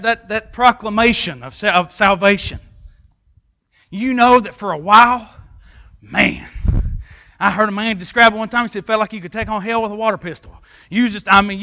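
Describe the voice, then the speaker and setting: A man preaching a sermon as assistant pastor in a church, passionate and folksy, swinging between shouts and quiet asides. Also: high-pitched. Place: church sanctuary.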